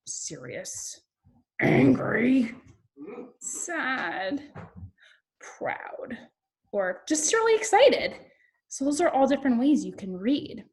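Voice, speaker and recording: A young woman teaching a kindergarten lesson over her computer mic in an online class. Her voice sits at a middle pitch and swings up and down in an expressive, upbeat teacher manner. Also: husky.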